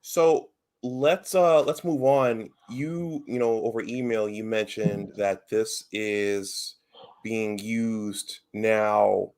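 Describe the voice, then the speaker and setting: A man hosting an interview, speaking haltingly with fillers and restarts. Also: on the low side, steady tone, a little mellow. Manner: halting, fills with uh and you know. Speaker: host.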